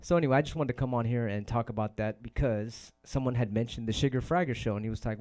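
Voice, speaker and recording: A man's voice: medium pitch, fast talker, few pauses, darkish tone. A man hosting a casual livestream chat, rambling and swearing a lot, often repeating his phrases. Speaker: DJ and host.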